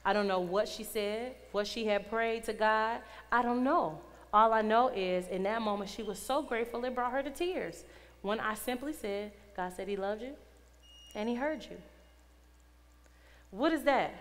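A woman's voice: on the high side, normal speed. A woman in her thirties preaching to teenagers, telling a personal story in casual slang and building to an urgent exhortation. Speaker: youth minister. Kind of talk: sermon to teens. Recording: long hall reverb.

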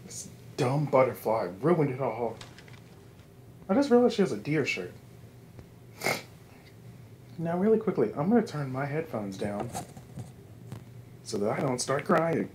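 Chatty young gamer. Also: male voice, medium pitch, sing-song, measured pace, long pauses, darkish tone, slight background noise. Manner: chatty, addresses viewers directly. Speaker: gaming channel host. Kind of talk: let's play commentary.

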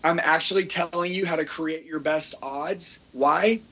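Teaching content creation at a motivational seminar, this man sounds driven and insistent, his husky voice sitting fairly high and bright. Though unhurried, he preaches with real intensity, hammering points home through repetition and asking whether the audience is with him. The recording quality is low.

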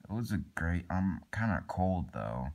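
Young male performer, lowish voice, rambling improvised toy-skit delivery full of fillers and restarts. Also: sing-song, unhurried, vocal fry, a little mellow. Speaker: plush toy video maker.

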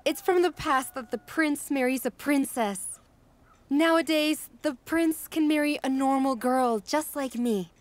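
A woman's voice: high voice, unhurried. A woman dubbing a dreamy young village girl. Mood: eager. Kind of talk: English dubbed film dialogue.

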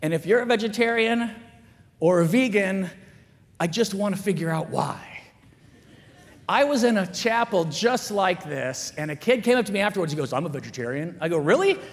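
Animated man telling stories in a hall. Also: sits high, moderate pace. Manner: animated, acts out dialogue in character voices. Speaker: chapel speaker. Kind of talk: storytelling talk to students. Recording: echoey hall with long reverb.

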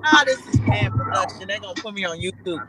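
A woman's voice: mid-range voice, lively intonation, fast, over music, rough recording. A woman hosting a casual livestream, talking bluntly and swearing freely as she scolds her guests. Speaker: livestream host.

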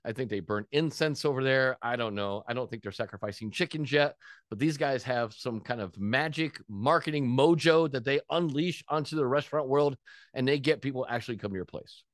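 A man in the role of a restaurant business coach gives a motivational talk in a voice of middle pitch. He tells stories with energy, acts out both sides of old conversations, and throws in joking asides. The sound is dry and close, with no room echo. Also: fairly quick.

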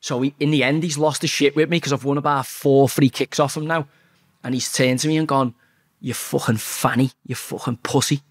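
A man's voice: a little high, fairly even intonation, brisk. A man in his forties, a former footballer telling a story as a podcast guest, blunt and heavily profane. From England. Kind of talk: casual storytelling.

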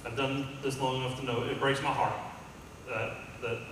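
A man's voice: medium pitch, little pitch movement, normal speed, fairly bright tone, slight background noise. A man preaching a sermon as pastor, calling out to the congregation and building to emphatic peaks. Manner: call-and-response, rising to emphatic peaks. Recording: echoey hall from far off.

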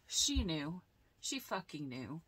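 A woman doing a casual tarot reading, blunt and animated, swearing freely. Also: lowish voice, very noisy. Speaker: tarot reader.

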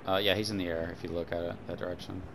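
A man's voice: sits low, level tone, very fast. A man chatting casually with his squad while playing, laid-back and swearing, calling out plans to his friends. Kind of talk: casual gaming party chat. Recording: voice chat under loud game noise.

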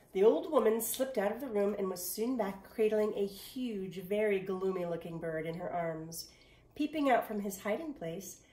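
A woman reading a storybook aloud in an expressive way. She sometimes drops to a whisper and speaks directly to the listener. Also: medium pitch, reverberant.

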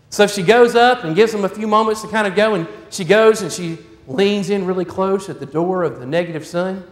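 A man preaching a sermon in a folksy storytelling manner. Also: sits high. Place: church sanctuary. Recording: echoey church hall.

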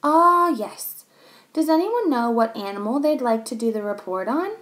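A woman's voice: a little high, animated, moderate pace, fairly bright tone. A woman voicing a patient, firm female schoolteacher in a children's story read aloud.

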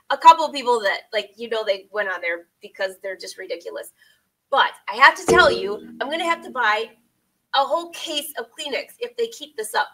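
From her sewing studio, a middle-aged woman who vlogs about sewing and designs patterns chats casually with viewers in a live session. Her voice sits on the high side with a sharp tone, and she rambles and laughs often on a rough recording.

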